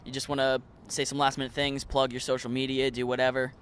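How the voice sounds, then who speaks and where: A man's voice: medium pitch, completely flat delivery, quick pace, fairly bright tone, a little hiss or hum. A man hosting an interview, asking questions in a casual, admiring way. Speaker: host.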